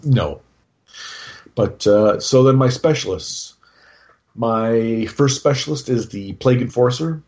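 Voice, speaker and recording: A man talks casually with a warm, mellow tone, circling back and restarting his sentences as he explains his picks. The recording is dull and slightly muffled. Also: mid-range voice, takes it slowly, pauses often. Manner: rambling, lots of restarts and fillers. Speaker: podcast co-host talking through his game army. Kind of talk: casual chat.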